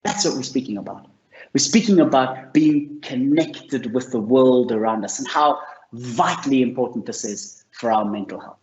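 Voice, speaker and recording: A man's voice: mid-range voice, lively intonation, moderate pace. A man presenting a mental health course, telling stories in an earnest, encouraging way. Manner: earnest, storytelling, warm and encouraging. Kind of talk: motivational talk to camera. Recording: roomy, slightly dull sound.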